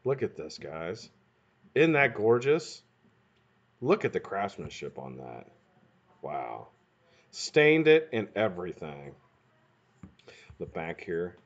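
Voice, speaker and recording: A man hosting a live stream in casual chat, greeting viewers by name and swearing freely, his voice sounding a bit hoarse. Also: low voice, huge pitch swings, slow, long pauses, dull audio. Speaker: livestream host.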